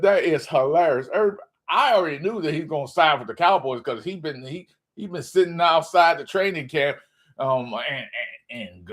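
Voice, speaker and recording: A man hosting his own sports channel, ranting casually and mocking fans, often laughing. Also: a little high.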